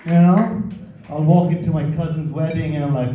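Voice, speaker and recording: A man's voice: a little high, fairly even intonation, moderate pace, a little hiss or hum. A man doing a crude, swearing stand-up comedy set, working the crowd in a casual, chatty way. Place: comedy club stage. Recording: roomy, distant, dull club recording.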